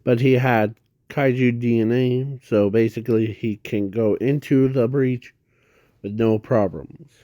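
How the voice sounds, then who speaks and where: A man improvising a casual fan story, halting and rambling with constant restarts and self-corrections. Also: mid-range voice, steady tone, warm tone, dry recording, studio quality.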